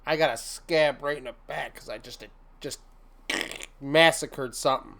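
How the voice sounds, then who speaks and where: A man's voice: a little high, unhurried, gravelly, a bit bright. Rambling, laughing man giving life advice. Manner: rambling, laughs often, mock-venting with silly fake curses. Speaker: host. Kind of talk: casual motivational livestream chat.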